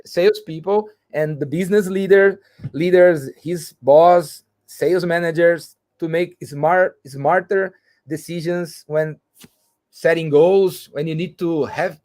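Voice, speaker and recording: A man explains a business topic, stopping and restarting his phrases often. His voice sits a little high for a man. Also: darkish tone. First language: Portuguese. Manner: halting, with frequent restarts and fillers. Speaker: guest speaker. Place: video call.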